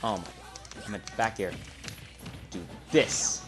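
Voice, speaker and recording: A man giving live gameplay commentary, trash-talking the opponent and muttering between loud outbursts. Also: fairly low pitch, measured pace. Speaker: gamer. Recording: loud game music behind voice. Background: fighting game music and effects.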